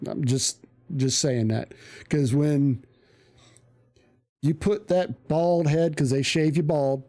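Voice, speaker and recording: A man's voice: a little high, slow, warm tone. A male streamer telling a casual story, rambling with restarts and plenty of swearing.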